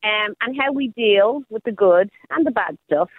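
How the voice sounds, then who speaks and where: A woman's voice: medium pitch, expressive, normal speed. A woman life coach talking casually on the radio, upbeat and motivational. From Australia. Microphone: phone call. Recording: phone line.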